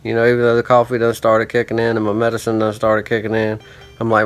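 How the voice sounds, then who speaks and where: A man's voice: fairly low pitch, monotone, fast talker, soft background music. A man telling a rambling, profane story in a casual vlog monologue, with lots of "I'm like" and asides. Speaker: vlogger.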